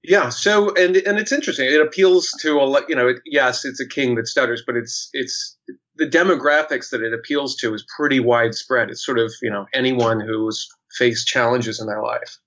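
A man's voice: mid-range voice, normal speed, a bit bright. Chatty man with a lo-fi sound. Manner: chatty, many fillers and restarts. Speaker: actor guest. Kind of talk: casual chat, storytelling. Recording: dull lo-fi sound.

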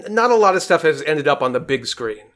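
A man, an actor, talking in a casual podcast conversation, thoughtful and halting with frequent restarts. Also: on the high side, big pitch swings, fairly bright tone. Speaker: actor guest.

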